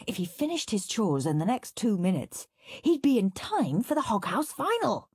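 A woman reading a children's story aloud, lively and animated. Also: medium pitch, moderate pace, breathy edge, no room sound. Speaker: narrator.

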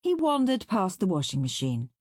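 A woman reading a children's story aloud, lively and animated. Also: mid-range voice, moderate pace, slightly rough, no room sound. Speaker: narrator.

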